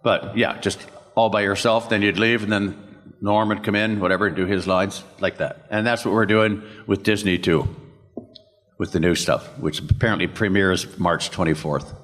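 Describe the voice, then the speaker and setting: On a convention panel, an older voice actor spins rambling stories at a normal pace, his lowish, steady voice a little bright. He slips into small impressions of other people's lines and laughs along. The panel room has the long, echoey sound of a big convention hall.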